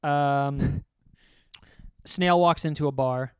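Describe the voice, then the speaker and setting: A man's voice: fairly high pitch, steady tone, extremely slow, clean tone, no room sound, clean studio sound. A young man co-hosting a casual podcast, telling crude jokes with lots of swearing and laughing at his own punchlines. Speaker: podcast co-host. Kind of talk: casual joke-telling chat.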